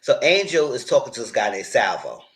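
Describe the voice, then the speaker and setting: Male TV recap host, casual and animated, middle pitch, lively delivery that acts out the quotes. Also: a little fast. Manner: animated retelling, quoting characters in shifting voices. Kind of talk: casual live recap commentary.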